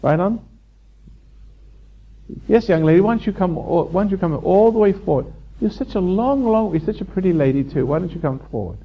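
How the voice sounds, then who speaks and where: A man's voice: sits high, expressive, moderate pace. A man giving a live spiritual lecture to a seminar audience, rambling and repeating himself, chuckling and teasing the listeners. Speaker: seminar speaker. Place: hotel function room before a live audience. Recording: dull lo-fi 1990s seminar tape.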